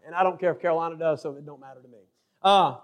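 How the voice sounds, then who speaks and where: A man preaching a sermon as pastor, building to shouted emphasis and dropping into joking asides. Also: a little high, very fast.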